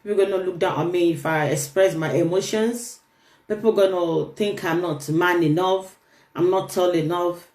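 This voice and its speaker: A woman's voice: lowish voice, normal speed, a little mellow. A woman hosting a live-stream talk, speaking earnestly to her viewers and often repeating her points. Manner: earnest, repeats phrases, addresses viewers directly. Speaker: host. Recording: echoey room.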